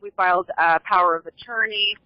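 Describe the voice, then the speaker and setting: A woman's voice: medium pitch, fairly even intonation, fairly quick, dry recording. A woman calling in as a guest, telling her story in a rambling way with many restarts and frequent checks that she is understood. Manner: rambling, restarts sentences, seeks reassurance. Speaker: guest caller. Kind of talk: casual call-in interview. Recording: muffled lo-fi call audio.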